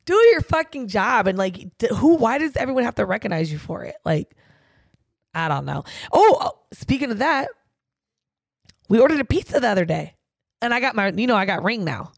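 A woman co-hosting a casual podcast, ranting in an animated way and swearing freely. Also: medium pitch, brisk, gravelly, no room sound. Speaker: podcast co-host.

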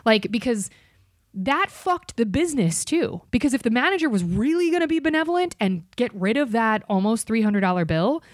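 A woman's voice: a little high, quick pace, hardly any pauses, no room sound, studio quality. A woman hosting a podcast, telling a story in casual chat, swearing freely and acting out the people in it. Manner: animated, swears freely, acts out other voices. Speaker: podcast host.

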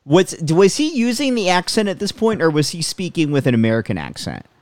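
Man, podcast co-host, sarcastic and blunt, bouncy lively intonation, dry close sound. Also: on the high side, brisk, dry recording. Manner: blunt, sarcastic, swears freely. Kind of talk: casual chat.

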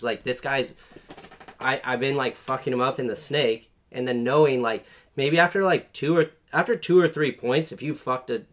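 A man's voice: medium pitch, fairly bright tone. A man talking casually about paintball strategy, rambling with many fillers. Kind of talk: casual chat.

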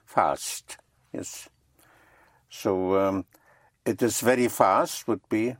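A language teacher talking slowly and patiently, with a slightly husky voice. Words get spelled out letter by letter. The sound is dry and close. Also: mid-range voice, no room sound. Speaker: French teacher. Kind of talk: slow one-on-one language lesson.

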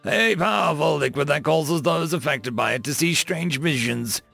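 A man's voice: fairly high pitch, normal speed, gravelly, bright, forceful tone, soft background music, voice pushed up, full character voice. A man voicing a formal, stern male winged guardian who addresses others by title.

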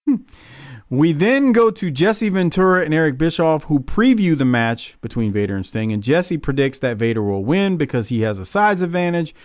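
A man hosting a casual wrestling recap podcast, joking and relaxed, on a podcast mic. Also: fairly high pitch, moderate pace, dry recording, clean studio sound. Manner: casual, lively, joking, swears. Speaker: podcast host.

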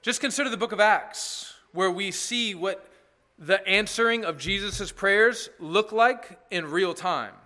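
A man's voice: high-pitched, a little slow, bright, forceful tone. A man preaching an earnest, emphatic sermon as pastor, with asides to the congregation.

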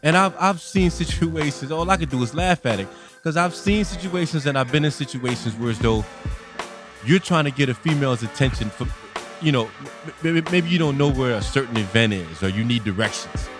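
A man's voice: medium pitch, animated, fairly quick, over music. A man in a casual monologue rant, blunt, profane and exasperated.

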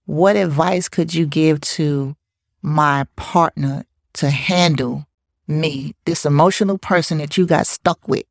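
A woman co-hosting a relationship talk show, chatting casually about communication, laughing often and acting out lively quotes. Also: deep voice, slow pace, no room sound, studio quality. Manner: lively, laughs often, animated quoting of others. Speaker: podcast co-host.

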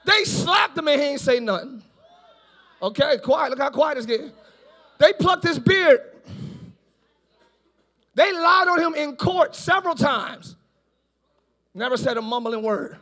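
A pastor preaching a live church sermon, animated and often shouting, with playful asides. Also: male voice, extremely high pitch, a little slow, pauses often. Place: large church, live service.

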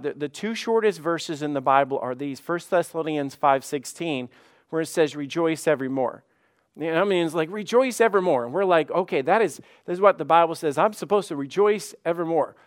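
A pastor with a fairly high voice preaches a sermon conversationally. He often repeats words and acts out the voices of people he quotes.

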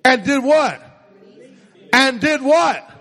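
A man's voice: very high voice, expressive, takes it slowly, bright, forceful tone. A man preaching a sermon in a church sanctuary, using call-and-response and repeating phrases for emphasis. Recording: echoey hall with long reverb.

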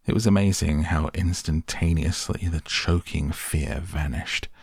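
A man narrating a story in a measured, even way, reading an audiobook. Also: very deep voice, creaky, slightly rough, dry recording, studio quality.

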